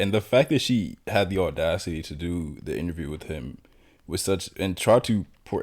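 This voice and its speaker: A man's voice: low voice, darkish tone. A man giving political commentary in a blunt, lecturing, confrontational manner.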